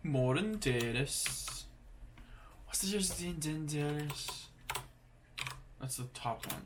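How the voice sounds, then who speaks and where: A young man thinking aloud as he practices a language lesson, sounding out foreign words haltingly. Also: a little high, noisy background. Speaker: language learner.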